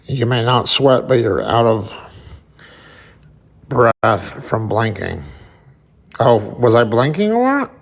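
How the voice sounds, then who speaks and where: A man's voice: mid-range voice, sing-song, slow pace, gravelly, pauses often. A man hosting a casual livestream, chatting to viewers, reading their comments aloud and swearing freely. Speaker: livestream host.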